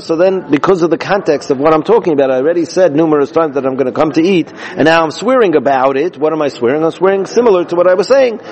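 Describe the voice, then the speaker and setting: A man with a fairly high voice teaching a Talmud passage. He works through it step by step, often restarting and repeating phrases, with Aramaic and Hebrew terms mixed into his English. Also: a little mellow, low-quality recording.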